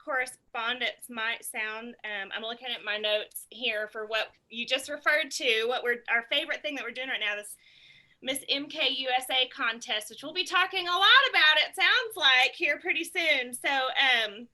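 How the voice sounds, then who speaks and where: A woman's voice: high voice, moderate pace, bright, forceful tone. A woman giving booking tips in a casual group chat, bubbly, laughing often and thinking aloud.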